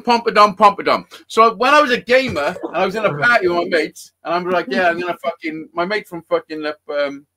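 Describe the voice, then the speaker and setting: Casting: high-pitched man, sweary, laughing storyteller on a live stream. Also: pushed and bright. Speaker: co-host. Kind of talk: casual live-stream chat.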